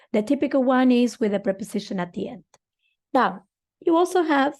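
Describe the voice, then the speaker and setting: A woman's voice: mid-range voice, a little mellow. A woman, a Spanish speaker, teaching English grammar patiently and often checking in with "okay". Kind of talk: grammar lesson.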